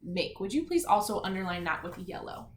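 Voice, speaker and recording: A woman teaching a lesson to young children, patient and clear, sounding out letters and words one by one. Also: medium pitch, very animated, fairly quick. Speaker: elementary school teacher. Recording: roomy echo, faint background noise.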